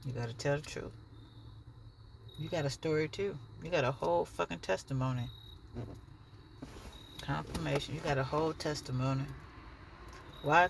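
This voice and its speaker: A woman's voice: low-pitched, a little hiss or hum. A woman giving a blunt, profane, preachy monologue straight to the camera in her own vlog. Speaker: dancer and vlogger.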